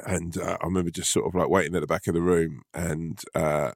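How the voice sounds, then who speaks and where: Male comedian co-host, low voice, animated and profane, dry studio sound. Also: brisk, gravelly, no room sound. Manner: sweary, animated storyteller. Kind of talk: casual chat.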